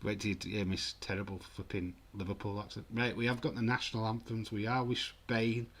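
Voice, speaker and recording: Low-voiced, chatty man streaming a watch-along. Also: level tone, fairly quick, fairly bright tone. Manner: chatty, jokey, mock-offended. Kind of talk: casual live-stream chat, reading comments.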